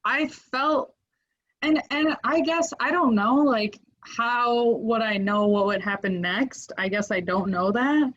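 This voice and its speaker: A young woman telling a story as a podcast guest in a casual, animated way, full of filler words. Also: on the high side, slow. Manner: animated, many "like" fillers, acts out quoted voices. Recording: muffled lo-fi audio.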